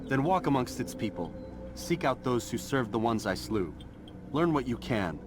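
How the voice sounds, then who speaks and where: A man's voice: medium pitch, sing-song, normal speed, close to an everyday voice. An actor playing a determined male assassin who speaks firmly in a game cutscene. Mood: stern. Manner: firm, commanding. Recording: game cutscene with loud music.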